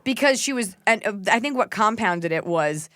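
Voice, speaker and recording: A woman from the Dallas area hosting a podcast, dry and sardonic, quick to tease her guest. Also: mid-range voice, animated, a bit bright, dry recording. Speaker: podcast host. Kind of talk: casual podcast chat.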